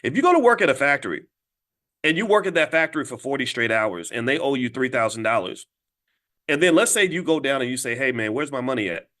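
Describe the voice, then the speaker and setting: Talking straight to his audience and asking them to respond, a commentator and host races through a political monologue with emphatic stops and restarted words. His fairly bright voice swings widely in pitch, leaping high to drive points home.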